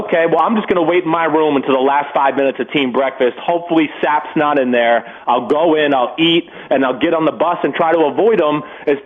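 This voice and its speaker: Man telling a story over a phone line. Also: on the high side. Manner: animated, acts out quotes of others. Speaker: guest, former football player. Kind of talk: casual storytelling on radio.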